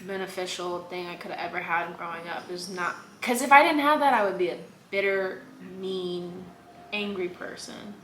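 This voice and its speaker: A woman's voice: on the low side, moderate pace, a bit bright. A young woman from Virginia, a podcast guest talking candidly and emphatically, with frequent likes and repeated phrases. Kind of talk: candid conversational interview. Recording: echoey room with faint noise.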